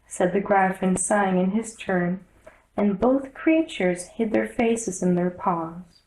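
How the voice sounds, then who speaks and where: A woman reading a classic children's novel aloud as a storyteller, in measured narration. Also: lowish voice, steady tone, darkish tone, echoey room, rough recording.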